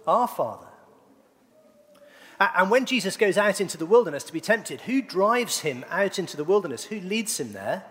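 A middle-aged male pastor delivers a sermon, asking his congregation questions in a playful manner. His voice sits on the higher side and moves up and down in a lively way. The sound carries the long reverb of a church hall. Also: moderate pace. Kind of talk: sermon with congregation call-and-response.

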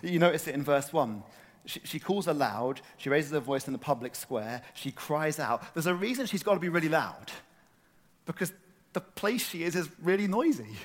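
Animated man preaching conversationally. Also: a little high, moderate pace. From north London, England. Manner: conversational, animated, asks the room questions. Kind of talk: sermon.

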